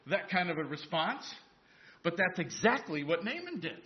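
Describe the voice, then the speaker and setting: A man's voice: sits high, sing-song, moderate pace, highs cut off, a little hiss or hum. A man preaching a sermon, retelling a Bible story conversationally and asking the congregation questions. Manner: storytelling, voices biblical characters in asides. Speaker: pastor.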